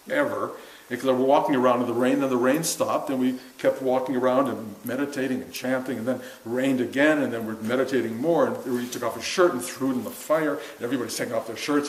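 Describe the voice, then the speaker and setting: An older man telling a long personal story to a group, self-mocking, acting out what people said in a raised voice. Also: mid-range voice. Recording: roomy room with faint hiss.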